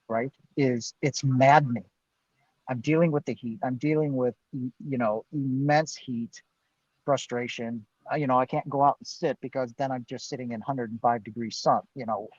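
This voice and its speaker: A man's voice: mid-range voice, husky, no room sound, dull audio. Earnest middle-aged man telling his story. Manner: earnest, emphatic, often adds "right?". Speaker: guest. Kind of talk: storytelling in a live-streamed interview. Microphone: video call.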